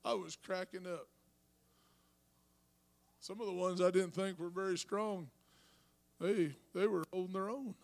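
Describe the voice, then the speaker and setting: Pastor, male, high voice, conversational sermon with loud peaks. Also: fairly even intonation, a little slow, creaky, pauses often. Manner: rising to shouted preaching; talks to congregation with asides.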